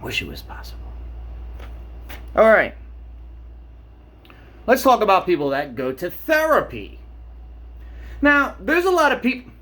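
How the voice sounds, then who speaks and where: Man, late 30s, vlogger: husky, slightly high voice, rambling and profane. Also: measured pace, long pauses. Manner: profane, animated, worked up. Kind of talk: rambling casual monologue. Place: home shower.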